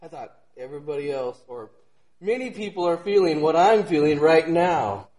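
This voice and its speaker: A man giving an informal devotional talk with a scratchy voice, swinging from hushed, almost whispered asides to loud shouting, laughing often between lines. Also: fairly high pitch, expressive, moderate pace.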